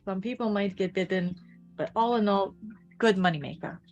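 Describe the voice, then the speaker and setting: A woman's voice: medium pitch, normal speed, darkish tone, muffled recording, faint music behind. A woman talking in character in a tabletop game, blunt and flippant. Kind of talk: in-character tabletop role-play.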